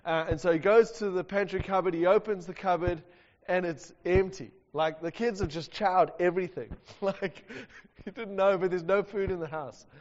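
A man preaching a sermon and telling a story, animated and often laughing. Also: high-pitched, moderate pace. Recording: dull sound with long hall reverb.

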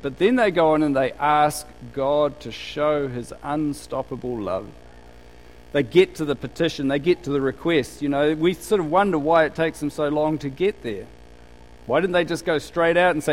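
A man's voice: on the high side, normal speed, a little hiss or hum, rough recording. A man preaching a conversational sermon in a church, asking the congregation rhetorical questions and acting out what people say. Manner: acts out quoted speakers in a livelier voice. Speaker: pastor.

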